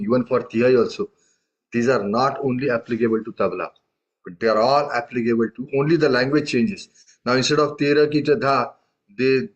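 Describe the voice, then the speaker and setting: A man teaching a tabla lesson, explaining patiently and often checking in with questions. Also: medium pitch. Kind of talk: live music lesson. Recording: dull lo-fi audio.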